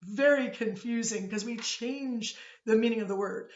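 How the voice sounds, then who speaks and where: A woman's voice: a little high, moderate pace, echoey room, lo-fi sound. A woman from Pittsburgh with a Pittsburgh accent, giving a chatty, digressive classroom lecture and often checking in with her students. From Pittsburgh, USA. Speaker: college instructor.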